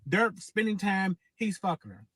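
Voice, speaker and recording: A man's voice: sits high, very animated, moderate pace, a bit bright, husky, dry recording. Host, male, casual storyteller: profane, rambling, repeats himself, recorded dry and close.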